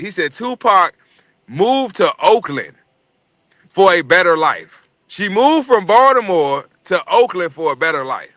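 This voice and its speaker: A man's voice: high-pitched, very animated, measured pace, pushed and bright, no echo. A man hosting a casual podcast chat, telling stories in a rambling, profane way.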